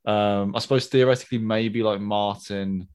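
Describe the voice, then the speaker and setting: A man co-hosting a podcast, chatting casually and thinking out loud with many pauses and fillers. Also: on the low side, fairly even intonation, smooth. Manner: rambling, hesitant, many ums. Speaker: podcast co-host. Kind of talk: casual chat.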